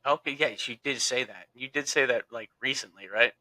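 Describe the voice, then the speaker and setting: A man's voice: mid-range voice, fairly quick, bright, forceful tone, low-quality recording. A man co-hosting a podcast in casual chat, agreeable and brief in his replies. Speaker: podcast co-host.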